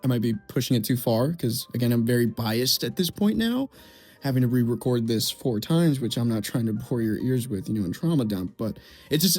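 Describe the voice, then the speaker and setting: A man's voice: medium pitch, expressive, a little fast, a little mellow, faint music behind. A young man giving heated film commentary, swearing and repeating himself as he rants. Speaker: video essay creator.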